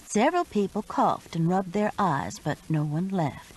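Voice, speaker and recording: Woman narrator, lowish voice, animated pitch, urgent mystery reading. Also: unhurried, breathy edge, poor audio. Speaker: audiobook narrator. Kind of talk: first-person mystery narration.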